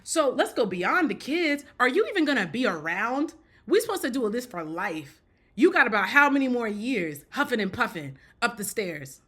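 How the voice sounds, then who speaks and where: Blunt, joking woman with a bright voice. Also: on the high side. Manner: blunt, joking, self-interrupting, laughs often; repeats and restarts phrases. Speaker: commentator. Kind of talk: casual spoken commentary.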